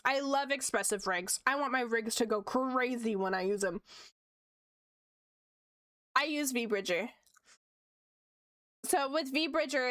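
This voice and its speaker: A woman streamer with a fairly high voice chats casually, reading chat aloud and laughing often. She sounds close to the mic, with a dry, dead-sounding room. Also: a bit bright, dry recording. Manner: chatty, giggly, reads and answers chat.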